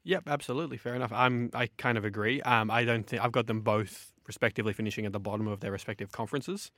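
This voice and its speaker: A man's voice: medium pitch, fairly even intonation, fast, a bit bright, no room sound, studio quality. A young Australian man hosting a sports podcast, giving eager, opinionated analysis in long runs of speech. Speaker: sports journalist and podcast host.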